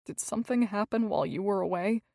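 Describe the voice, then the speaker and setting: A woman voicing a gentle, shy young male doctor in an audiobook, soft-spoken, hesitant and tender. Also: mid-range voice, fast talker, gravelly, dry recording, studio quality, natural voice.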